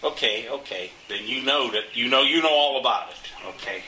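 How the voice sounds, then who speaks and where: A man's voice: medium pitch, normal speed, pushed and bright, echoey room, far from the mic, slight background noise, rough recording. An older man in a casual interview, telling folksy, indignant stories about his community, restarting and repeating words as he goes. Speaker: interviewee, local resident.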